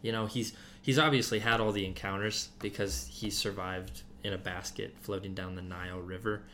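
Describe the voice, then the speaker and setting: A man's voice: fairly low pitch, steady tone, normal speed, a bit bright, a little hiss or hum. A man giving casual Bible teaching to a group, talking loosely with many fillers and restarts.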